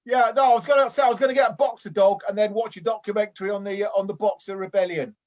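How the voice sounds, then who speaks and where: A man's voice: sits high, steady tone, very fast, a little mellow, lo-fi sound, close to an everyday voice. A man voicing a hapless, lonely amateur boxer who rambles earnestly with many restarts, improvising comedy over a video call. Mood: eager. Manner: hesitant and rambling, full of restarts. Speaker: improv performer.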